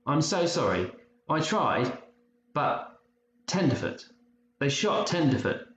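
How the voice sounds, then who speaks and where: A man's voice: a little high, big pitch swings, takes it slowly, a bit bright, voice pushed up, full character voice. A man voicing a frightened, loyal young boy who talks in urgent, breathless bursts. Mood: distraught. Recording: muffled roomy recording, faint hiss.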